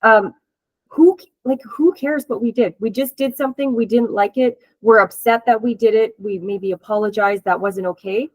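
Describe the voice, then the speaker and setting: A woman's voice: on the high side, moderate pace, no room sound, low-quality recording. Chatty woman host, dry close sound. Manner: chatty, laughs often, many fillers. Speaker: host and coach. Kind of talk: casual interview chat.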